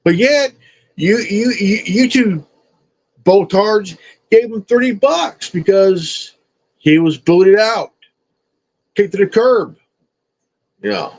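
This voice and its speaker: A man's voice: high voice, animated, slow, long pauses, a little mellow, low-quality recording. A man streamer ranting at someone in a confrontational, profane, repetitive way. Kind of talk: confrontational rant.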